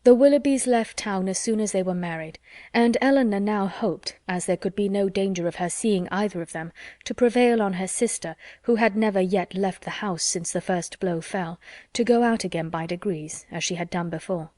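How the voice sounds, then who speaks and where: Measured woman reading a classic novel. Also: medium pitch, no room sound, studio quality. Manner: measured, even storytelling. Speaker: audiobook narrator. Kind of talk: classic novel audiobook narration.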